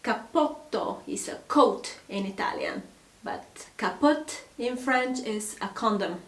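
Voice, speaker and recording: A woman with a slightly high voice talks casually and playfully about words she has come across in several languages, pausing often on fillers. Her voice rings out in an echoey room. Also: a bit bright. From Bulgaria. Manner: chatty, playful, with frequent fillers. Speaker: language vlogger. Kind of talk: casual educational monologue.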